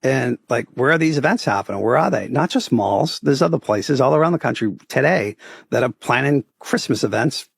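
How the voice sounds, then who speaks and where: A middle-aged man from Boston with a Boston accent, a podcast guest telling stories about his photography business in a casual, animated way, often adding "right?". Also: medium pitch, a little fast, vocal fry, slightly rough, no echo, clean studio sound. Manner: animated storyteller, acts out quoted voices, often adds "right?". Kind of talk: casual interview storytelling.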